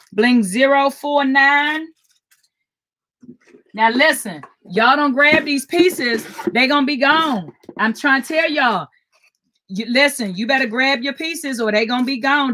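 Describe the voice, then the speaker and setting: A woman's voice: high-pitched, measured pace, fairly bright tone. Chatty woman selling jewelry live. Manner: chatty, repeats item codes, greets viewers by name. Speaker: jewelry seller on a live stream. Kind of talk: live sales stream.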